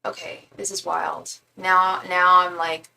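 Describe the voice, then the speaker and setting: A woman's voice: fairly low pitch, little pitch movement, slow pace, gravelly, pushed and bright, far from the mic, rough recording. A young woman reading tarot on a live stream, chatting casually and rambling, sometimes murmuring repeated invocations. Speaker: tarot reader.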